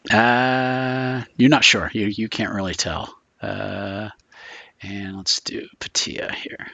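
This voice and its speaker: A man's voice: lowish voice, steady tone, slow, gravelly, sharp tone, no room sound. A man running a tabletop role-playing game as game master, talking in a loose, chatty way and laughing along with his players.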